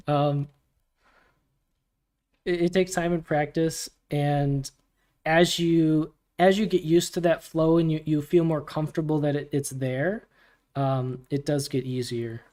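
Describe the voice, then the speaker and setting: A man hosting a community livestream Q&A, casual and relaxed, laughing often as he answers questions from chat. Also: a little high, a little slow. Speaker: community AMA host.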